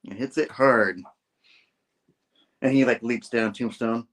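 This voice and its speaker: A man hosting a comic book review, retelling the story with animated, acted-out storytelling. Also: mid-range voice, slow pace. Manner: animated storytelling, acts out scenes, laughs often. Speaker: host.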